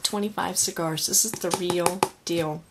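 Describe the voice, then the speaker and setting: A woman's voice: fairly low pitch, fairly even intonation, normal speed, very noisy. A woman crafter unboxing a handmade gift in a casual home vlog, gushing and emotional with many sighs and exclamations. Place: home craft room with dog nearby.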